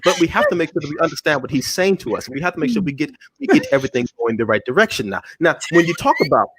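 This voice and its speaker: A man on a live panel chat who talks quickly, repeats words as he starts over, and lectures his point. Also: a little high, big pitch swings, a bit bright, slight background noise. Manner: rapid, stammering repeats, lecturing.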